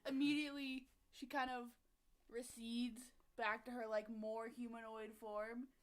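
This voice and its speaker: High-voiced woman player. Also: unhurried. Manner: animated, describing her character's actions. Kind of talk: playing a tabletop game.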